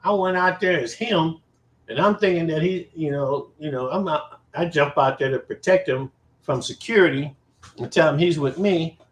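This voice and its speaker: A man casually telling a personal story to his viewers, animated and profane, with emphatic repetition. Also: fairly high pitch, normal speed. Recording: roomy echo.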